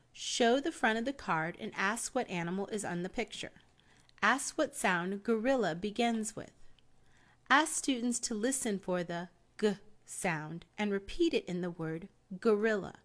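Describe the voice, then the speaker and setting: A woman with an American accent reads a teaching guide aloud, one step at a time. Her delivery is calm and measured, like scripted instructional narration. Her pitch sits in an ordinary middle range.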